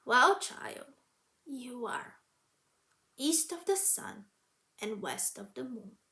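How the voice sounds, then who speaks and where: A woman voicing an ancient, frail old grandmother who weaves, speaking in a hushed whisper in a storybook tale. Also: fairly high pitch, lively intonation, slow pace, exaggerated voice. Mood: calm. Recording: roomy echo.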